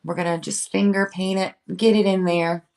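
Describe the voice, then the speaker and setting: A woman's voice: medium pitch, little pitch movement, moderate pace, a little mellow. A woman hosting a casual live painting demonstration, chatting and greeting viewers by name. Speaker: furniture painting livestream host.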